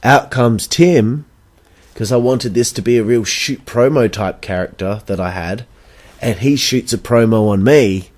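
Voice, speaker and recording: A man's voice: mid-range voice, a little slow, darkish tone. A young Australian man hosting a podcast, telling a story in a blunt, casual way, swearing freely and acting out the back-and-forth of conversations. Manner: blunt, swears freely, acts out quoted exchanges. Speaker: podcast host and backyard wrestler.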